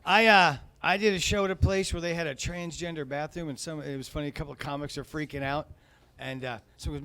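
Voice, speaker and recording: A man's voice: fairly high pitch, fairly even intonation, quick pace, few pauses, pushed and bright. A male stand-up comedian on a comedy club stage, talking in a profane, rambling, conversational way.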